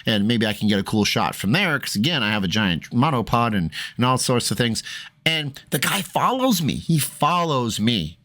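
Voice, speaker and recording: A man telling a storytime vlog in a loose, rambling way, with plenty of fillers and restarts. He drops into low asides and then jumps up into animated, raised bursts. His voice sits at a middling pitch for a man. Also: moderate pace, slight background noise. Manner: rambling, chatty, many fillers. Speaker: vlogger.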